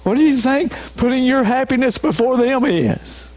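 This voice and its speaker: A man's voice: very high-pitched, moderate pace, a little mellow. A man, a pastor, preaching an emphatic sermon with repeated refrains. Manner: emphatic, repeats refrains, urges listeners to listen.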